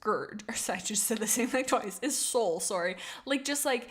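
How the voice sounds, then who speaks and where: A woman's voice: fairly high pitch, animated, moderate pace. Bubbly, giggly young woman streamer. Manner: bubbly, giggly and rambling, with many restarts and laughs. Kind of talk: casual livestream chat, reading out viewer comments.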